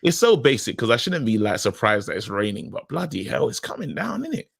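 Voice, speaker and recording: A man co-hosting a live match watchalong, excitable, laughing often and putting on voices for players. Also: mid-range voice, a little fast, creaky, breathy edge, dry recording. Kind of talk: casual live match commentary.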